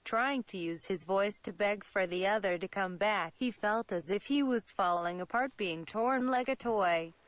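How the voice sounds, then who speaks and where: Slow, dry-voiced young woman storyteller. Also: medium pitch, dry recording. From Saudi Arabia. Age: 20s. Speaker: channel host. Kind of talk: reading a fan story aloud.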